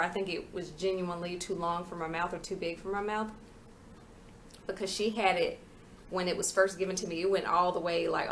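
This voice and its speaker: A woman's voice: lowish voice, fairly bright tone, slight background noise. Woman vlogging casually with a retainer in. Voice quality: slightly slurred speech from a retainer. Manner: candid, rambling, venting with frank asides. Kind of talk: casual chat vlog. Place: living room floor at home.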